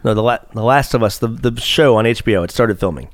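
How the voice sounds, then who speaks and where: A man's voice: mid-range voice, quick pace, no room sound, clean studio sound. A young man hosting a podcast, chatting casually, joking and swearing freely. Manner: animated, profane and joking. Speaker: podcast host. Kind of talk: casual chat.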